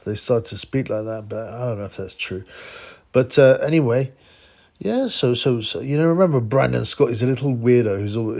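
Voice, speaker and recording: A man's voice: lowish voice, creaky, dark tone. A man hosting a boxing channel, rambling through a casual commentary vlog, laughing often and sliding into a conspiratorial rant.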